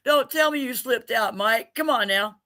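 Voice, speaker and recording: A man's voice: extremely high pitch, normal speed, bright, forceful tone. A man hosting a casual livestream giveaway, joking loosely, laughing often and calling out to viewers by name. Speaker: livestream host running a giveaway.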